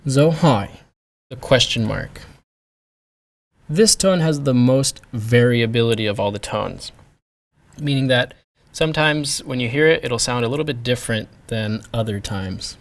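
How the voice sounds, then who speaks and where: A man teaching a pronunciation lesson, speaking deliberately and demonstrating each sound with care. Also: mid-range voice, creaky. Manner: slow, deliberate, modelling sounds. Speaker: language teacher.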